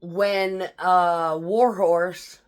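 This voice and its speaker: A woman's voice: lowish voice, fairly even intonation, very slow. A woman military veteran telling stories from her tours in a blunt, profane, casual way, laughing through tense memories. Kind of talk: casual storytelling.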